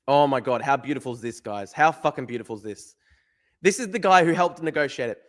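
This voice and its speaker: A man, ranting in livestream commentary, swearing and repeating his points. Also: on the high side. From Australia. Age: 20s. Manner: ranting, profane, repeats himself. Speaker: streamer.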